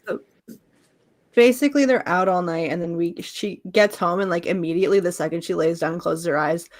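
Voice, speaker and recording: Co-hosting a casual chat podcast, a woman animatedly recaps a comic story, acting out the characters and swearing and laughing often. Her voice is lowish and her delivery brisk.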